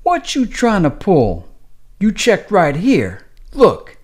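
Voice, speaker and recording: A man's voice: on the high side, sing-song, normal speed, a little mellow, pitched above the performer's own voice. A man voicing a tired, curt woman nurse who scolds in street slang. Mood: snapping. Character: weary tough-talking nurse, woman, curt.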